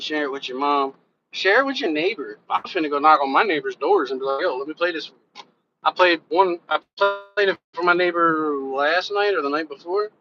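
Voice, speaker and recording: A man's voice: fairly high pitch, pushed and bright. A man hosting a casual live stream, talking loosely and directly to his viewers, cursing offhand as he rambles. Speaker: reaction channel host and rapper. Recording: dull lo-fi sound with faint background noise.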